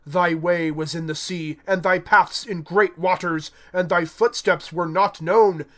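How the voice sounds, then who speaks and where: A man reading scripture aloud in a measured, solemn recitation. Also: fairly high pitch, fairly bright tone. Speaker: scripture reader.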